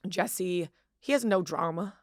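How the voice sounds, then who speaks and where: A woman from Boston hosting a podcast, chatting casually with a co-host, gushing excitably and swearing freely. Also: lowish voice, measured pace, dry recording, studio quality. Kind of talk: casual chat.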